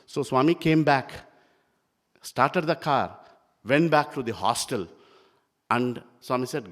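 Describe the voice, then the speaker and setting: Older man in his sixties, spiritual speaker, lively storytelling devotional talk, long hall echo. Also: medium pitch, takes it slowly, long pauses. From India. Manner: animated storyteller, acts out dialogue.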